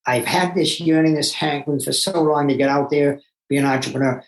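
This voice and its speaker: Older male guest, fairly high voice, emphatic storyteller, echoey room. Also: fairly quick. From Massachusetts, USA. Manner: animated and emphatic, with self-talk asides. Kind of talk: personal storytelling. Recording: roomy echo.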